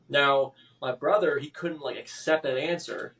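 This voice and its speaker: A man telling his personal story as a podcast guest, halting and emotional, with many restarts and fillers. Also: fairly high pitch, fairly even intonation, fairly bright tone, far from the mic.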